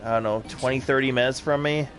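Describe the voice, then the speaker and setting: A man's voice: medium pitch, fairly even intonation, quick pace, a bit bright, slight background noise. A man with a Wisconsin accent chatting casually while playing a game, rambling and full of fillers. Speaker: co-host of a gaming stream.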